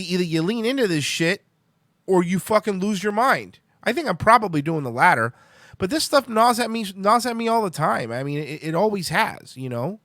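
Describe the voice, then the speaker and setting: Young male host, high voice, heated profane ranting, dry close sound. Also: a bit bright, no room sound. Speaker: podcast host. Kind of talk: ranting live-stream talk.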